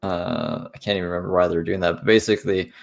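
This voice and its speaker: A man's voice: deep voice, flat delivery, fast talker, vocal fry. A man streamer recounting online drama in casual, rambling commentary, swearing freely.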